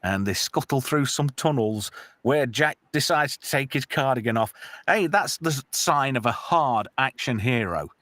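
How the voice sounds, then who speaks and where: Animated man chatting about films. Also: medium pitch, moderate pace, no room sound. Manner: animated, laughs often, does mock voices of characters. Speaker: podcast host. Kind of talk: casual movie chat.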